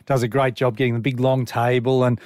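An Australian man co-hosting a radio show, telling a lively story in casual banter and laughing often. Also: mid-range voice, fairly quick, dry recording, clean studio sound. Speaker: radio co-host.

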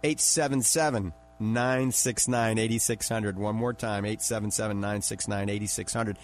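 A man's voice: fairly low pitch, steady tone, moderate pace. Chatty radio health-show host, man. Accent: New Orleans. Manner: chatty salesman's patter, repeats phone numbers, chuckles. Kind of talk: radio call-in health show with product promotion.

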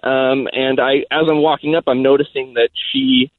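A man calling in to a radio show, telling a story in a rambling way with lots of pauses and fillers. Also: mid-range voice, little pitch movement, no room sound. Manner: rambling, hesitant, many fillers. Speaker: caller. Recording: tinny phone line.

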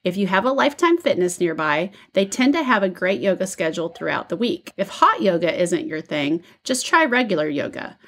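A woman's voice: on the low side, very animated, a little fast, few pauses. A woman co-hosting a podcast from a room at home, chatting and reading listener letters aloud. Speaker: podcast co-host.

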